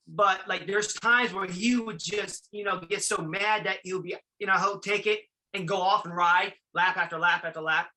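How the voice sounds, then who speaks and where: A father asking a coach for advice about his young son, talking in a halting way as he searches for words. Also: high voice, steady tone, bright, forceful tone, poor audio. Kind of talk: asking questions in casual talk.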